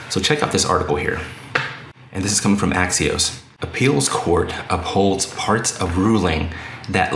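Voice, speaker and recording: A man's voice: deep voice, fairly bright tone. A man hosting a podcast, reading news articles aloud and commenting on them in a conversational way. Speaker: podcast host. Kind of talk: casual commentary. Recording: echoey room, faint noise.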